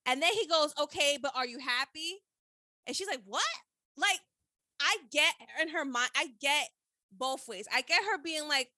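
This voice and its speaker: A woman's voice: high-pitched, moderate pace, sharp tone, no room sound. A woman co-hosting a casual chat, animatedly retelling a TV scene and quoting the characters. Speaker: podcast co-host. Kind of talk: casual chat recapping a TV episode.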